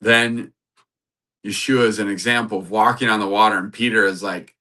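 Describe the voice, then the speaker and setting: A man hosting a podcast, giving a sermon-like Bible talk, animated and laughing often. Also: fairly low pitch, moderate pace. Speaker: podcast host.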